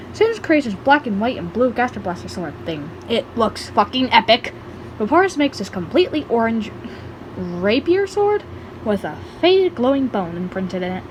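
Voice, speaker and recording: A woman's voice: medium pitch, a little hiss or hum, rough recording. A woman casually reading aloud her own fan fiction story, chatty and offhand. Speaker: story reader.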